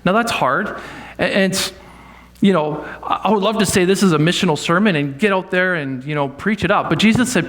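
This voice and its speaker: Man preaching a lively sermon. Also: on the high side, quick pace. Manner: conversational, animated teaching with acted quotes. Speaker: pastor. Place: church sanctuary.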